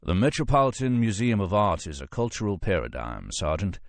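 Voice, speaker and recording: A man voicing a cultured, courteous male FBI agent with a soft voice and a formal, unhurried way of speaking. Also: lowish voice, very animated, gravelly, dry recording. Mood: poised.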